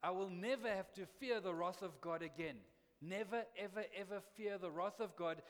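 Pastor preaching in an echoing hall. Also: male voice, high voice, moderate pace. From South Africa. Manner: emphatic preaching with joking asides. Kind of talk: sermon. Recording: long reverb of a hall.

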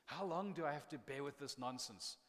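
A preacher acts out an exasperated Jesus who is worn out by slow learners. The voice is casual and weary, pitched a touch high. It sits in the long reverb of a big hall. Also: male voice, natural voice. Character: exasperated, fed-up Jesus talking to his disciples.

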